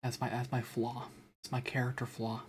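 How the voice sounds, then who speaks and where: A man's voice: mid-range voice, monotone, moderate pace, slight background noise. A male streamer in casual chat, exasperated and self-mocking as he repeats the same command over and over.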